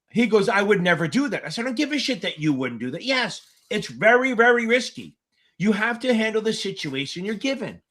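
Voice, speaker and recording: A man's voice: high voice, sharp tone. A man tutoring exam candidates on a livestream Q&A, speaking bluntly and with frequent swearing. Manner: blunt, profane, emphatic. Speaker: exam tutor hosting a live Q&A. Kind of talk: livestream Q&A chat.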